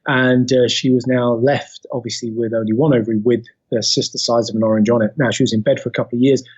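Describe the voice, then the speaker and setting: A man with a London accent, a podcast guest telling his life story in an animated way, with many fillers and restarts. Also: mid-range voice, fast, slightly rough, highs cut off. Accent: London English. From England. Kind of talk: casual interview chat.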